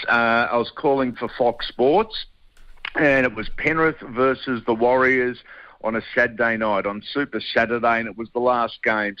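Aussie bloke on sports radio, blunt and chatty, dry slightly dull sound. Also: male voice, medium pitch, no room sound. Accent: Australian. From Australia. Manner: blunt, colloquial, says mate a lot. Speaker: guest sports broadcaster. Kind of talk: casual radio sports chat.

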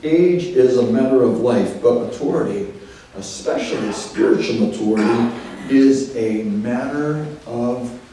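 A man's voice: mid-range voice, unhurried, distant mic. A male pastor preaching a sermon, emphatic, repeating key phrases and asking rhetorical questions. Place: church sanctuary. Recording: very echoey church hall, voice from off-mic, faint room noise.

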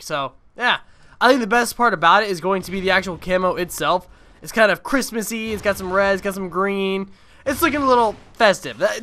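A man's voice: high voice, bright, forceful tone, a little hiss or hum. A young man giving casual gameplay commentary on his own video, rambling and swearing freely. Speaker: gaming video creator.

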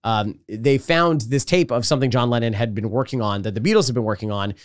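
A man co-hosting a podcast in casual chat, jokey and quick to laugh. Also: mid-range voice. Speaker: podcast co-host.

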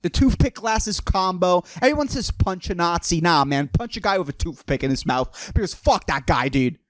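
A man's voice: high-pitched, very animated, normal speed, no echo. A young man hosting a solo podcast, ranting in a rambling, mocking, profane way and saying "dude" constantly. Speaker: podcast host.

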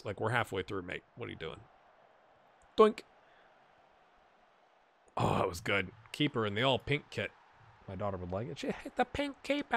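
A man giving casual, animated commentary while playing a football management game, cheering on and talking to his players. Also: on the high side. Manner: animated, talks to his players, puts on silly voices.

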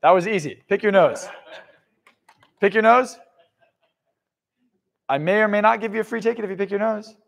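Profane high-voiced male seminar speaker. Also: normal speed, vocal fry, pauses often. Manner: blunt, profane, swings from loud to hushed. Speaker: motivational speaker. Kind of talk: live motivational seminar talk.

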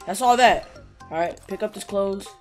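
A young woman giving excitable, slangy gameplay commentary, yelling and muttering to herself in bursts. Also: medium pitch, moderate pace, soft background music. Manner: yells and laughs in bursts, slangy, mutters to self. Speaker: gaming YouTuber.

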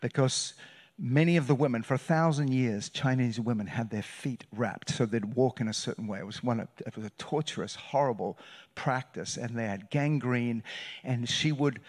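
Animated male pastor telling a story. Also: medium pitch, moderate pace. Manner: animated, shifts between loud bursts and hushed retelling. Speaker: guest pastor. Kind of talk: sermon storytelling. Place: church sanctuary.

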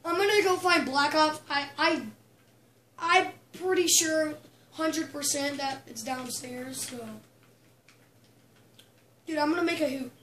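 A woman giving casual gameplay commentary at home, excitable and prone to sudden shrieks and yells. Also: sits high, slow pace, long pauses. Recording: roomy echo, faint music.

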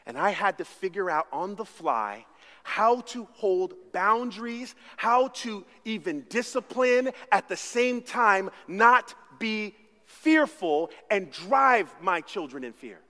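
High-voiced pastor preaching in an echoing church. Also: male voice, a little slow. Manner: animated storytelling, swings from hushed to shouting. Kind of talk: sermon. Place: church sanctuary. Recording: long reverb of a church hall.

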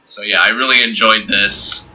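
Bright chatty man, rambling gamer host. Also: fairly low pitch, fairly even intonation, normal speed, faint music behind, rough recording. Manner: chatty, rambling with frequent restarts and laughs. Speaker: let's play host. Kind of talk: casual post-game chat.

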